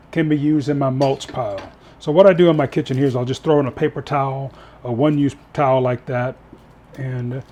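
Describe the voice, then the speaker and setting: A man's voice: on the high side, a little mellow, poor audio. A middle-aged man hosting a home cooking show, talking in a chatty, folksy way with plenty of fillers and restarts. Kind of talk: casual cooking demonstration. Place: home garden, then a home kitchen.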